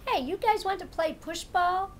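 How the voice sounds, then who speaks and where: A woman's voice: very high-pitched, moderate pace, slight background noise, voice pushed up. A woman voicing a friendly, curious big fuzzy orange cat in a storybook reading, with an eager, chatty manner.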